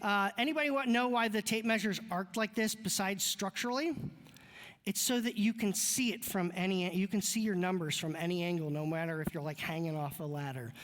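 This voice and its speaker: Brief: male pastor, fairly high voice, loose joking sermon style, long church-hall reverb. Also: a little fast, fairly bright tone. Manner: joking, conversational, chatty asides. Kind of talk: casual sermon. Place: church sanctuary.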